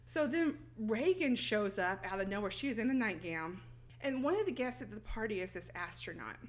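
A woman's voice: mid-range voice, expressive, normal speed. A woman co-hosting a podcast, telling a film's story in casual chat and acting out the characters' lines. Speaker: podcast co-host recapping a film.

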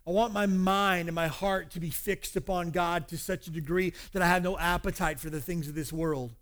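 A man's voice: high-pitched, fairly even intonation, moderate pace, a bit bright. A man preaching a sermon to his congregation, candid and conversational, weaving in personal stories. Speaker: pastor. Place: church service.

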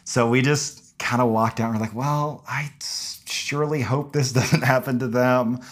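A young man with a medium-pitched voice chats through a long story. He is lively and animated and pops up into high, sheepish tones when he quotes himself apologizing. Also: moderate pace, a little hiss or hum. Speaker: podcast co-host recounting a hike. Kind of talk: casual storytelling chat.

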